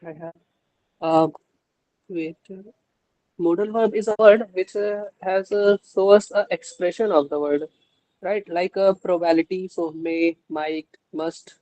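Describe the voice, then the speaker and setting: Male student, hesitant and polite, mellow dark tone, dry close sound. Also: sits high, fairly even intonation, unhurried, no room sound, poor audio. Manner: hesitant, polite, says ma'am often. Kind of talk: asking questions in online class.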